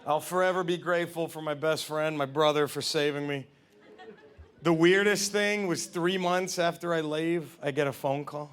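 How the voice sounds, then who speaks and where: A man performing a stand-up comedy set, telling confessional stories and jumping into loud character voices. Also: fairly high pitch, steady tone, moderate pace, clean tone.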